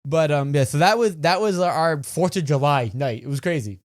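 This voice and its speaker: A man's voice: fairly high pitch, normal speed. A young man co-hosting a podcast, chatting in a playful, teasing way and laughing easily. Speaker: podcast co-host. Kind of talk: casual chat.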